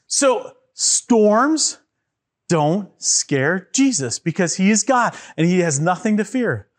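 A man telling a Bible story to children, animated and getting them to act parts out and answer questions. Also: high voice, slow. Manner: animated, asks kids to join in with actions.

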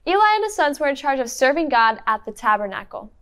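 A woman narrating a Bible story for children in a clear, encouraging teacher tone. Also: high-pitched, big pitch swings, fast, fairly bright tone. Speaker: children's Bible lesson leader. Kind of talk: interactive Bible storytelling for kids.

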